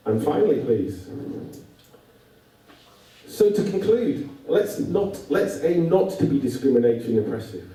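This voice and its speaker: Man, dark voice, wry deadpan speaker, heard from afar in a big echoing hall. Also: mid-range voice. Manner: dry, wry delivery with deadpan irony. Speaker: speaker addressing youth workers. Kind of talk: humorous talk to an audience. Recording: echoey hall, voice from far off.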